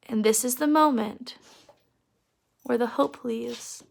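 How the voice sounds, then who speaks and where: A woman's voice: a little high, slow pace, creaky, a little mellow. A woman teacher giving a casual, earnest recap of a novel chapter, emphatic and sprinkled with fillers. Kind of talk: casual literature lesson recap.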